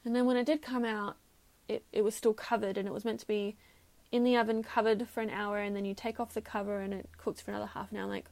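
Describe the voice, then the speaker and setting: A woman's voice: medium pitch, level tone, fast talker, gravelly, darkish tone. A woman hosting a podcast, telling a personal story candidly and reflectively, sometimes laughing at herself. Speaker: podcast host.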